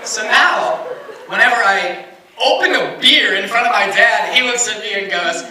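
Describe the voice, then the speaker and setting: A man's voice: high-pitched, moderate pace. A young man performing a stand-up comedy set, telling a family story and acting out his parents' lines. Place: comedy stage with a laughing audience. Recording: roomy, distant live room with loud noise.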